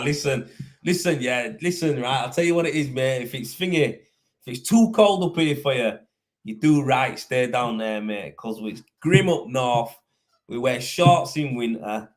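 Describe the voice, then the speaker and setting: A man with a broad Yorkshire accent chatting loosely on his show, bantering, swearing and laughing often. His voice sits at an ordinary middle pitch, and he talks in the easy, teasing way of a mate having a natter. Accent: Yorkshire English. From Yorkshire, England. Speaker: host. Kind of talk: casual chat.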